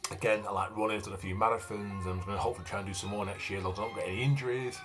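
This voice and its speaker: A man's voice: on the low side, fairly even intonation, very fast. A man in his fifties from Manchester with a broad Manchester accent, talking about himself in a blunt, plain-spoken casual monologue full of fillers. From Manchester, England. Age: 50s. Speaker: vlogger and author. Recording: faint background music.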